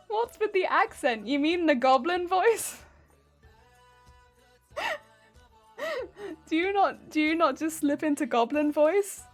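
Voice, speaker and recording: Woman streamer, high voice, unhurried, giggly, playful casual chat with viewers. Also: expressive, faint music behind. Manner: giggly, laughs often; playful, reads and answers chat. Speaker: livestreamer.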